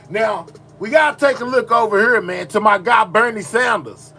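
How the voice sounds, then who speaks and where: A man's voice: extremely high pitch, normal speed, vocal fry, bright, forceful tone, faint music behind. A man hosting a casual live reaction stream, exclaiming and talking straight to his viewers. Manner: chatty, exclaims and talks to viewers. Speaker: livestream reaction host.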